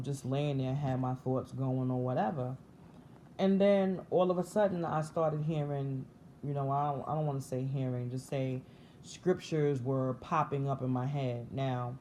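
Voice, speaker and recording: Her voice is bass-deep and warm as this thirty-something vlogger tells the camera about her spiritual awakening. Emotional and earnest, she tends to restart and repeat herself, over slight background noise.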